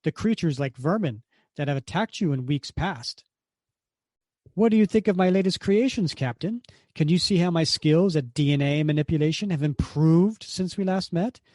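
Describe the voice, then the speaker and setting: A man's voice: fairly high pitch, moderate pace, a little mellow, no room sound, clean studio sound, pitched above the performer's own voice, close to an everyday voice. A man reading aloud as a boastful, cruel male mad scientist, gloating and mocking.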